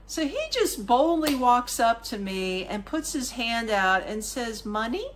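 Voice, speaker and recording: A woman hosting a podcast, telling a travel story in a casual, animated, colloquial way with frequent asides to the listener. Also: on the high side, unhurried, slight background noise. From United States. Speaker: podcast host.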